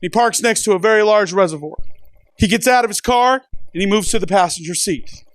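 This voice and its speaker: A man who works as a first responder, telling a slow-building dark-humored story on stage. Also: sits high, no room sound. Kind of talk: stand-up storytelling.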